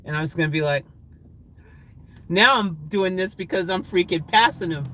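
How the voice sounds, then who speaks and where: Rambling, excitable male livestreamer. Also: high-pitched, moderate pace, pauses often, slight background noise, low-quality recording. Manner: rambling, excitable, often laughing. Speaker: livestream vlogger reading chat. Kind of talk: casual livestream chat.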